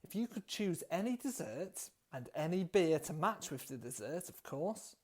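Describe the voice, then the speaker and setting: A man's voice: a little high, sing-song, normal speed. A man, a listener, asking a podcast a question in a polite, straightforward way. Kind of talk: recorded question.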